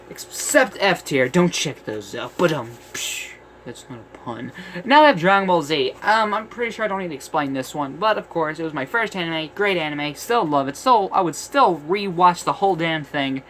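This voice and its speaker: Excitable rambling young man, bright voice. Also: high-pitched, slight background noise. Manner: rambling, excitable, swears, trips over words. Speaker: anime vlogger. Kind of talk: casual screen-recorded commentary. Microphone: phone or screen recorder mic.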